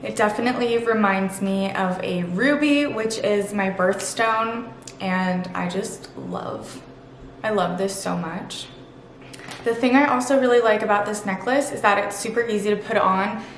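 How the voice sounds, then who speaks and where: A woman's voice: medium pitch, measured pace, slight background noise. A woman vlogger talking casually and gushing about things she loves, chatty and upbeat. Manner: gushing, chatty, lots of "super" and "literally". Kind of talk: casual sponsored vlog talk. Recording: echoey room.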